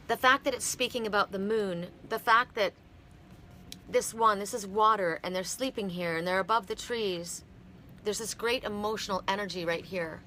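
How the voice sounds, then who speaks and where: Middle-aged woman from canada doing a live card reading, bright voice, emotional and halting, faint hum behind. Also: medium pitch. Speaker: oracle card reader.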